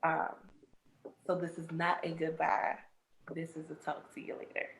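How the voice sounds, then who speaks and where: A woman's voice: low-pitched, monotone, moderate pace, echoey room, a little hiss or hum. A woman co-host giving an affectionate farewell speech, laughing between lines. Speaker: talk show co-host.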